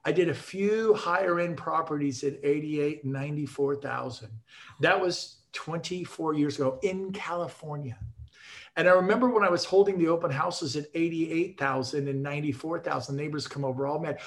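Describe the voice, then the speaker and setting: With a voice on the high side and a moderate pace, a man gives agents a motivational talk via video. He jokes and tells his sales stories with emphatic, energetic punch.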